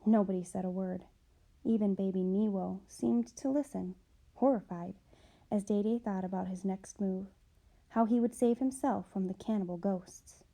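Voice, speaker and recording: A woman narrating a children's book with expressive, measured storybook reading. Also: medium pitch, gravelly. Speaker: audiobook reader.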